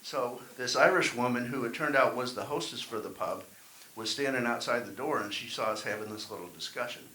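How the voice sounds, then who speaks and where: A man's voice: mid-range voice, brisk, bright, forceful tone. A man performing a wry, self-deprecating stand-up set at an open mic. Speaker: stand-up comedian. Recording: echoey room, faint hiss.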